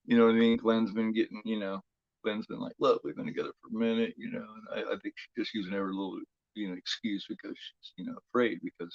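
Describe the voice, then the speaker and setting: A man's voice: medium pitch, dry recording, muffled recording. A man hosting a horror film watch-along, chatting in a rambling, profane way, full of "you know" fillers. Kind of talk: casual live commentary.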